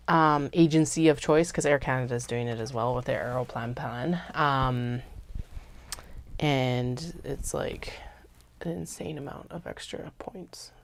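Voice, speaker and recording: A woman hosting a craft livestream, chatting casually and thinking aloud as she works, muttering notes to herself and sometimes dropping to soft whispers. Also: very deep voice, gravelly. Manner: chatty, laid-back, drifts into soft whispers. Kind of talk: casual talk while working.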